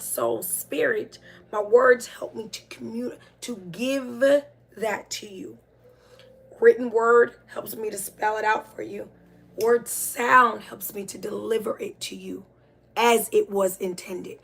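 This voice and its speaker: A woman's voice: fairly high pitch, creaky, breathy edge. A middle-aged woman hosting a podcast, talking through ideas in a reflective, conversational way with many fillers and restarts. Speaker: podcast host. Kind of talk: casual spiritual monologue.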